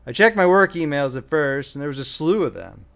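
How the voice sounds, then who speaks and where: A man's voice: a little high, big pitch swings, a little fast, gravelly, a bit bright. A young man reading his own audiobook as author and narrator, with a wry, self-deprecating manner. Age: young adult.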